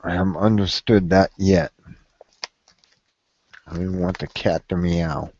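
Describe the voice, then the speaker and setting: A man complaining on a casual vlog in a slow, rambling and profane way. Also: low-pitched, fairly even intonation, a little mellow, lo-fi sound. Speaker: video blogger.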